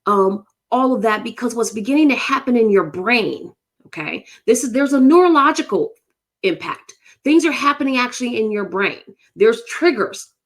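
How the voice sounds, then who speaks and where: Woman, live-stream motivational host, emphatic, repeats for stress, fairly high voice. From United States. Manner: emphatic, repeats phrases, talks to viewers.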